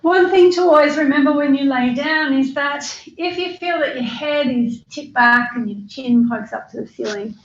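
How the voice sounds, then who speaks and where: A woman with an Australian accent leading a yoga class, guiding breathing in a calm, slow way with long pauses. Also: on the high side, creaky, reverberant, highs cut off, slight background noise. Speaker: yoga teacher. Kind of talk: guided yoga class instruction.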